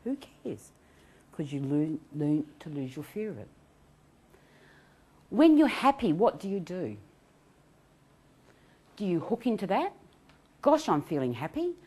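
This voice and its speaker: Aussie woman, middle-aged, fairly low voice, talks anxiety recovery, animated and laughing a lot. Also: takes it slowly, pauses often, husky. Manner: animated, acts out quoted voices, laughs often. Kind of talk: recorded self-help talk.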